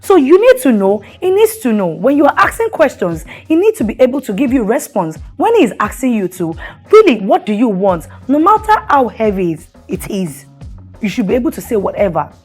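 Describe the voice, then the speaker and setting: A woman's voice: a little high, sing-song, a little fast, slightly rough, faint music behind. A middle-aged woman, hosting a talk show and giving earnest, preachy marriage advice while putting questions to the listener.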